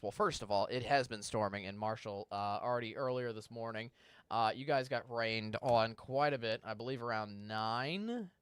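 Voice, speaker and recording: A man doing a live weather Q&A from a TV studio, chatting casually through viewer questions and now and then hunting for a word. His voice is smooth and clear, mid-pitched, and recorded close with no room sound. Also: normal speed, a bit bright, no echo. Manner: conversational, reads viewer questions aloud; stumbles and restarts when searching for words. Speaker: meteorologist. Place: TV station studio.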